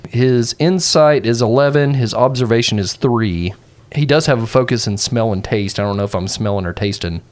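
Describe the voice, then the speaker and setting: A man at a tabletop game, casually joking with the group in a mid-pitched voice. He sounds easygoing. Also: moderate pace. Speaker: player.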